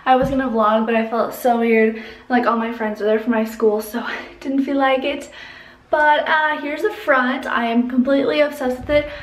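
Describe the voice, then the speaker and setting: A teenage girl vlogging casually, bubbly and gushing, with quick asides. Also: sits high, fairly even intonation. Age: teens. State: groggy morning voice. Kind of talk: casual vlog chat.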